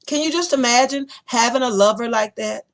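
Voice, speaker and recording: A woman hosting a podcast in casual opinion-show style, talking bluntly and profanely and telling animated stories. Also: fairly high pitch, brisk, gravelly. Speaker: podcast host. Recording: podcast recording.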